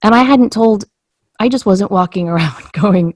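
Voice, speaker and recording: A woman at medium pitch and normal speed tells a story from her own life on a casual podcast, acting out the dialogue with animated energy. The recording is clean studio sound with no room sound.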